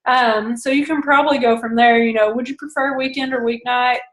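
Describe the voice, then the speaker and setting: Young woman, slightly high voice, chatty coaching talk, echoey room. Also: fairly even intonation, fairly quick. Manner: chatty, acts out phone calls in quoted voices. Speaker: direct sales consultant coaching a team. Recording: roomy echo.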